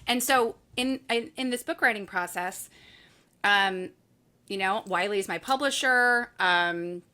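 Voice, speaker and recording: A woman author with a medium-pitched voice takes her time in a conversational podcast interview. She tells candid, animated stories, acting out her own thoughts as quotes and swearing now and then.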